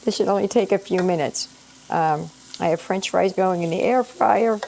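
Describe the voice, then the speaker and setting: A middle-aged home cook and channel host chats through her cooking video at normal speed, describing every step. Her voice is on the low side and darkish, with vocal fry and a slight scratchiness from allergies, while a pan sizzles in her home kitchen.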